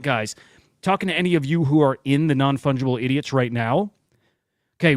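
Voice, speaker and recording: A man's voice: mid-range voice, no room sound, clean studio sound. A man hosting a live stream, talking loosely and with self-deprecating jokes. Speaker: show host. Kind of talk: casual live-stream chat.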